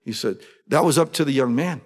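A male pastor preaching a sermon, animated, often acting out eager voices with sudden jumps in pitch. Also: a little fast.

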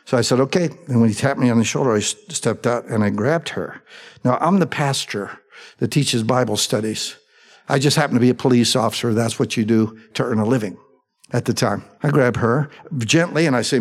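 A middle-aged male pastor teaching through the Bible verse by verse in a relaxed, conversational way, mixing in personal stories. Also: mid-range voice, brisk, slightly rough. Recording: long hall reverb.

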